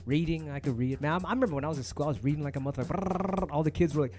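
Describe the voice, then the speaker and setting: A man's voice: a little high, racing, over music. A man hosting his own stream, ranting casually to viewers in heated, profanity-laced street slang. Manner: emphatic, heated. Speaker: DJ and stream host.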